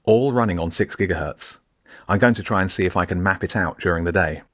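A man's voice: sits low, fast talker, no echo, studio quality. A man voicing a curious, careful teenage schoolboy who explains his thinking in an audiobook.

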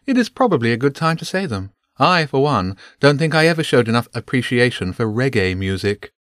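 A man's voice: mid-range voice, big pitch swings, fairly quick, fairly bright tone, dry recording, voice pushed up. A man doing a dry, matter-of-fact falcon. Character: calm, precise male falcon.

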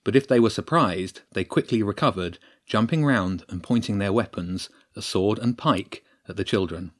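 A man with a fairly low voice reads a children's adventure aloud. His delivery is steady and expressive, voicing the characters as the story moves along. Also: normal speed. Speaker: narrator. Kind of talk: storybook narration.

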